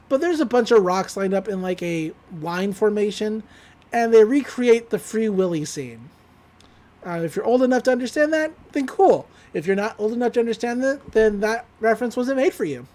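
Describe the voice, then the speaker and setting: Casual podcast co-host, chatty and loose, recapping plot with fillers and quick laughs. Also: medium pitch, animated, darkish tone. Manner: rambling, quotes characters with "he's like"; frequent fillers, laughs while recounting. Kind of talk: casual chat.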